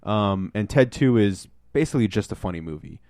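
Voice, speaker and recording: Low-voiced man rambling about movies. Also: animated, a little fast, darkish tone, no echo, clean studio sound. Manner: rambling, lots of ums, acts out movie lines. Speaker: podcast co-host. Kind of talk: casual chat, movie review.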